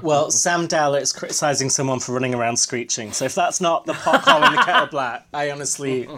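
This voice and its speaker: A man's voice: mid-range voice, expressive, brisk, sharp tone. A man hosting a casual chat podcast, teasing his co-host in a wry way while running through a show's contestants. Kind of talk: casual chat reviewing a TV show.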